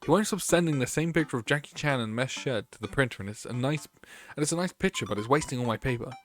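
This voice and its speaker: A man's voice: mid-range voice, expressive, fast talker, soft background music, natural voice. A friendly, joking teacher and dad from a dating game, as a man reads his messages aloud. His voice moves up and down a lot while he reads.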